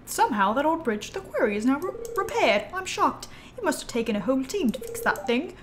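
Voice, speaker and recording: A woman's voice: high voice, very animated, fairly quick, a little hiss or hum. A young woman game streamer chatting casually and playfully to her chat while she plays, reacting aloud to what she finds.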